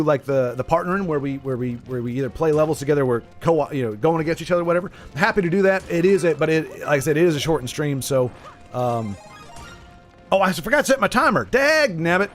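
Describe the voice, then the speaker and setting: A man streaming a video game, chatting casually with viewers in a rambling, self-correcting way, with joking asides. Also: fairly high pitch. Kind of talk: casual live-stream chat while gaming. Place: in Texas.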